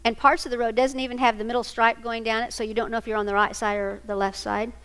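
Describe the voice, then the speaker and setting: Woman speaker, middle-aged, higher voice, lively storyteller in a big reverberant hall. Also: fast talker, smooth. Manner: animated storyteller, acts out quoted voices. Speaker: speaker on single parenting. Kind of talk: storytelling talk to an audience.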